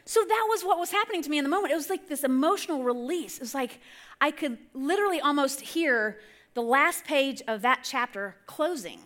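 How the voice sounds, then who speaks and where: Middle-aged woman speaker, high bright voice, chatty sermon storytelling from the stage. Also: expressive, brisk. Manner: chatty, rambling, self-correcting. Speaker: church speaker. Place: church stage.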